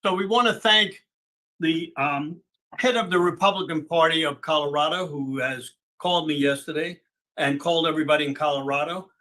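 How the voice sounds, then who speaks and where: A man's voice: on the high side, a little fast, bright, forceful tone, poor audio. A man hosting a group call who introduces speakers in a loose way, with fillers. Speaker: host.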